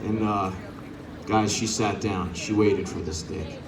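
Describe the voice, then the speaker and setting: A man's voice: on the low side, fairly even intonation, slow pace, roomy sound, distant mic. A man doing a stand-up set outdoors, teasing the crowd and acting out characters. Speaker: stand-up comedian. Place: outdoor show on a front lawn. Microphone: corded handheld mic.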